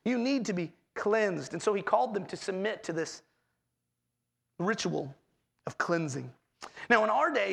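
Gravelly male preacher. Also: sits high. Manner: expressive preaching with dramatic quoted voices. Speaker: pastor. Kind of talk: sermon.

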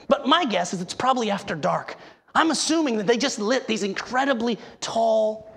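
Preacher, sermon, gravelly voice, emphatic rhetorical questions. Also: medium pitch, a bit bright.

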